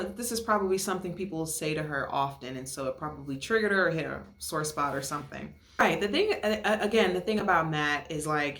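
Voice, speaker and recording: A young woman chats through a reality-show recap with a lowish voice that jumps up high whenever she mimics someone. She laughs often and keeps it loose and gossipy. Her voice bounces off the walls of an echoey room. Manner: animated, acts out quotes in a higher voice, laughs often. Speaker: podcast host reviewing a reality show. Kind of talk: casual recap chat.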